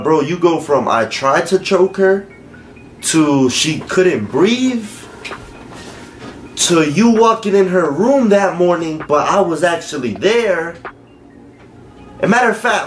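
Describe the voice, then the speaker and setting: A man hosting a reaction video, pausing a clip to challenge what was said, with music playing behind him. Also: a little high, animated. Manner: questioning, challenging, pauses the clip. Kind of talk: commentary on a played clip.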